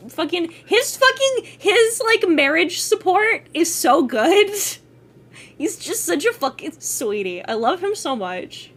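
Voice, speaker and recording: A woman streamer gushes in casual chat, high and bright in pitch. Her voice swoops animatedly up and down as she swears and laughs. Her talk stays loose and excited throughout. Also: takes it slowly. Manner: gushing, profane, laughs often.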